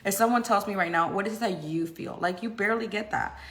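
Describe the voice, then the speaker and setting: A woman's voice: fast talker, a bit bright, low-quality recording. A woman chatting on a casual live stream from her home at breakfast, talking about her life and often laughing. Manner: chatty, laughs often, high baby talk to her kids. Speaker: vlogger and mother.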